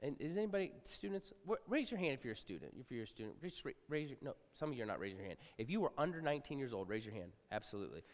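A middle-aged male pastor preaching to a congregation, talking casually and swinging from quiet asides to loud outbursts. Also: mid-range voice, sing-song, racing, few pauses. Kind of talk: sermon. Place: large church hall. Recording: live sermon with long hall reverb.

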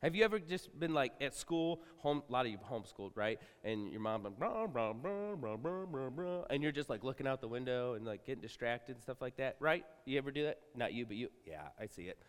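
A middle-aged male pastor preaching to a congregation, talking casually and swinging from quiet asides to loud outbursts. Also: mid-range voice, expressive, fast talker, few pauses. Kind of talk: sermon. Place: large church hall. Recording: live sermon with long hall reverb.

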